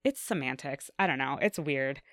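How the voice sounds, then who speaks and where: Low-voiced woman in a lively chat. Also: normal speed, dry recording, studio quality. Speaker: discussion host reading questions. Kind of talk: casual discussion.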